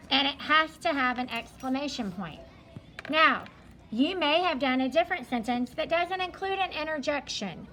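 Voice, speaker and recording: A woman's voice: sits high, animated, moderate pace, bright, forceful tone, rough recording. A woman elementary school teacher going over a study guide, explaining each answer patiently and step by step.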